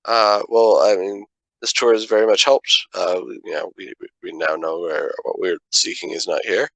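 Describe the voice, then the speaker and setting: A man playing a tabletop game, speaking for his character in a halting, hesitant way. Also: low voice, steady tone, gravelly, no echo, poor audio. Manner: halting, many fillers and restarts. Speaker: player.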